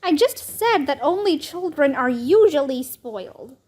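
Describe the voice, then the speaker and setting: A woman's voice: sits high, expressive, measured pace, darkish tone. Woman reading a bossy know-it-all girl. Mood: defensive.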